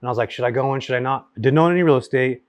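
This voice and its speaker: Fast-talking storytelling man, dry sound. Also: mid-range voice, no echo. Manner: rapid, animated storyteller with many fillers. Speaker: guest, real estate investor. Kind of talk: casual storytelling chat. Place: his home.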